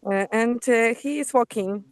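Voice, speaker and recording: A woman's voice: fairly high pitch, unhurried, no room sound. A woman learning English, answering hesitantly on a phone call while out walking near a forest. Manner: hesitant, short answers, clears throat. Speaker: student. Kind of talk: speaking practice in a lesson. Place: outdoors near a forest, pushing a pram.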